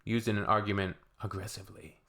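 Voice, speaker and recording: A man from Canada giving casual reaction commentary, rambling with halting restarts and blunt asides. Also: on the low side, little pitch movement, pushed and bright. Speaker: reaction video creator.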